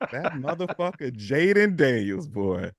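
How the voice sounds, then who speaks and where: Animated man in casual sports talk. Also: on the high side, dry recording, clean studio sound. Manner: animated storytelling, swearing freely, laughs and gets emotional. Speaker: podcast co-host.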